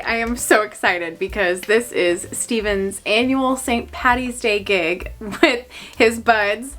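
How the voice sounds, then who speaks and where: A young woman, chatting excitedly to camera in a lifestyle vlog, full of gasps and exclamations. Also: medium pitch. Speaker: lifestyle vlogger. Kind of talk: casual chat to camera. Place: home, also outdoors.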